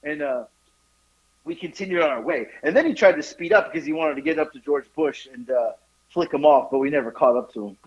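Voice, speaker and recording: A man's voice: fairly high pitch, brisk. A man in his forties, a podcast host, telling a rambling, profane story with laughs and restarts. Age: 40s. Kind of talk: casual storytelling chat. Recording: dull lo-fi podcast audio.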